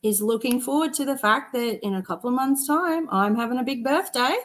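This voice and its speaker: A woman in her thirties with an Australian accent, co-hosting a casual chat in a relaxed, teasing way. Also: fairly high pitch, a little fast. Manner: relaxed, teasing, laughs often. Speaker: co-host.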